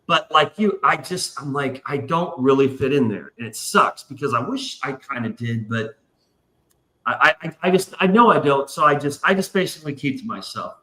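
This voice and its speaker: A man's voice: medium pitch, expressive, normal speed, bright, forceful tone, echoey room. A man hosting a casual livestream chat, telling long rambling profane stories. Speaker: podcast host.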